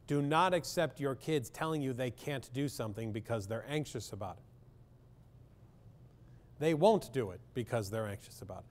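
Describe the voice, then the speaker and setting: A man's voice: mid-range voice, darkish tone. A man, a clinical psychologist, speaking bluntly and with humor in a public talk to parents, often asking the audience questions.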